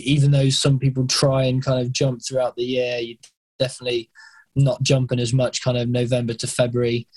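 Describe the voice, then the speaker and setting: A man's voice: medium pitch, a little mellow. A man with an English accent, chatting casually as a guest and often stumbling and repeating his words. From England. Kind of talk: casual conversation.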